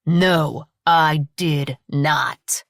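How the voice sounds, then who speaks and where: A woman voicing a defiant, quick-tempered man who blusters and threatens. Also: sits low, steady tone, creaky, dry recording, studio quality, heavily acted. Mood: defensive.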